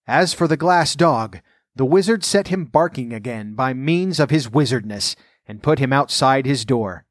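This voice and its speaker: Brief: male storyteller, measured, dry close recording. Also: mid-range voice, animated, no echo. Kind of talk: storybook narration and commentary.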